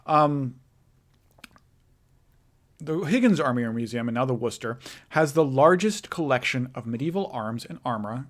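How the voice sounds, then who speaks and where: A man's voice: mid-range voice, normal speed, long pauses. A young man giving a recorded history lecture, casual and thinking aloud, with many fillers and self-corrections. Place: in front of a backdrop image.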